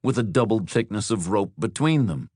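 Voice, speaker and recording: A man narrating an audiobook thriller in a measured, descriptive storytelling style. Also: on the low side, expressive, a little mellow, no room sound, clean studio sound. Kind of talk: scripted narration.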